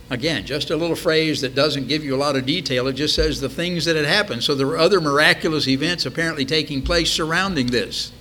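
An older man preaching a Bible study, reading scripture aloud and then explaining it in a measured, rambling way with frequent fillers. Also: on the high side, sharp tone, a little hiss or hum.

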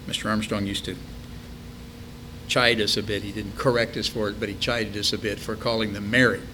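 A man's voice: lowish voice, a bit bright, a little hiss or hum. Older man leading a Bible study. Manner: reads scripture aloud, then explains it in a measured, rambling way with many fillers. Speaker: preacher.

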